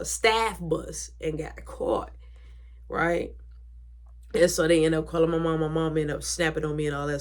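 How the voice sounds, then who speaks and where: Animated young woman telling a family story. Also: fairly low pitch. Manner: animated, acts out quoted voices, drops to whispers. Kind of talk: casual storytime.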